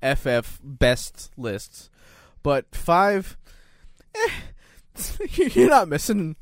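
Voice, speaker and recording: A young man talking loosely in a casual chat, full of fillers, restarts and easy laughter. His voice sits somewhat high for a man, and the sound is dry and close-miked. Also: huge pitch swings, extremely slow, no room sound.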